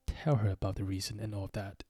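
A man's voice: fairly low pitch, completely flat delivery, a little fast, dark tone, soft background music, natural voice. A man voicing a sulky, easily offended Mock Turtle creature in a storybook reading, insistent and touchy.

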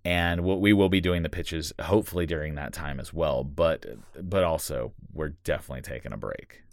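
A man with a very low voice chats casually on a podcast, animated and quick to laugh, with some swearing. The sound is dry and close, with no room around it. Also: dry recording. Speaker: podcast co-creator and writer.

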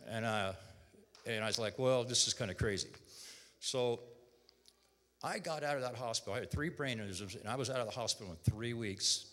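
Man giving a bright, echoing testimony. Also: medium pitch, expressive, a little fast. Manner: emotional, repeats words, quotes others in dialogue. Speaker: church testimony speaker. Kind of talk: personal testimony. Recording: long hall reverb.

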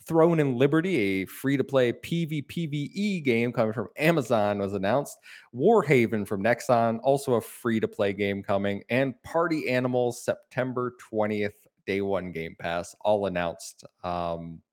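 A man's voice: mid-range voice, moderate pace, darkish tone. A man hosting a gaming podcast, casual and blunt, giving frank opinions with a joking edge. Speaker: podcast host. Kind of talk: casual chat.

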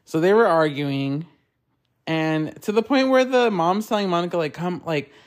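A man hosting a podcast, chatting casually and gossiping in a rambling, animated way, swearing often and filling his talk with "like.". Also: sits high, normal speed. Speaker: podcast host.

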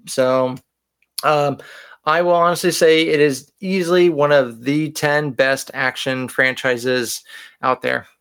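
A man's voice: mid-range voice, steady tone, takes it slowly, fairly bright tone, clean tone. A man co-hosting a podcast in casual chat, joking and self-deprecating. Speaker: podcast co-host.

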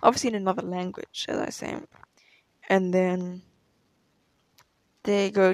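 This tennis player, a young woman answering questions, has a mid-range, somewhat dark voice with a steady tone and a measured pace, pausing often. In a casual chat she rambles through a personal story, chatty and laughing frequently, with plenty of "like" as filler. A slight hiss or hum sits under the recording.

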